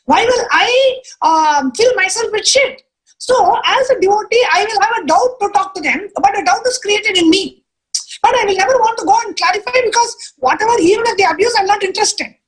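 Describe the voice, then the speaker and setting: Brief: woman panelist, very high pitch, blunt emphatic devotional talk. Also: a bit bright, rough recording.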